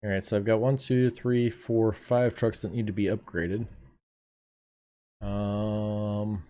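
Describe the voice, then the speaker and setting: A man's voice: on the low side, level tone, slow pace, dark tone. A man streaming a game, chatting casually to his viewers, laid-back and swearing now and then. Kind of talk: casual live gameplay commentary.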